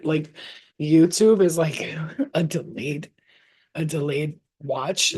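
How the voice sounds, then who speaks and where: A woman's voice: sits low, a little mellow, slightly rough. A woman hosting a casual live stream from home, talking in a rambling, profane and giggly way. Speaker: channel host.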